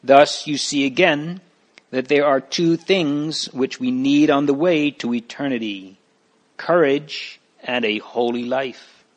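A man's voice: medium pitch, slow, lightly acted. Holy Man, a man reading as a pious, preaching pilgrim. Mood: instructive. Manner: instructive, preaching.

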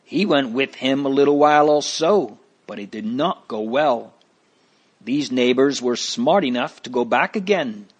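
A man's voice: medium pitch, lively intonation, a little slow. A man reading a story aloud, voicing a fearful neighbor woman who scolds and pleads in a raised voice. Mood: scolding.

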